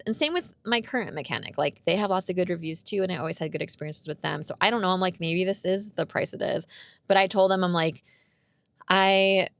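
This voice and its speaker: A woman's voice: on the low side, creaky, fairly bright tone, no room sound. A young woman telling a story in a casual vlog, chatty and full of "like", acting out what people said. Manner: chatty, full of "like", acts out quotes. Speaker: vlogger.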